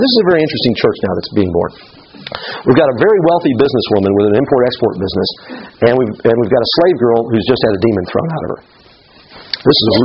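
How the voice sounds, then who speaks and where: In a slightly muffled recording with a little hiss or hum, a middle-aged man with a mid-range voice leads a Bible study lesson conversationally, frequently checking in with his listeners.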